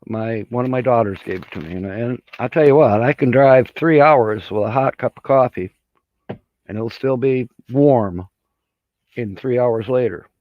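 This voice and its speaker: Folksy guy chatting on his stream, slow and rambly, dull dry sound. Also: mid-range voice, no room sound. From Michigan. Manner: rambling, folksy, laughs at his own jokes. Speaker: livestream host. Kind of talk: casual chat.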